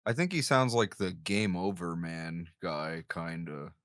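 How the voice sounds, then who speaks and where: Male podcast co-host, very deep voice, wry and teasing, dry sound. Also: unhurried, a bit bright, no room sound. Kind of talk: casual group discussion.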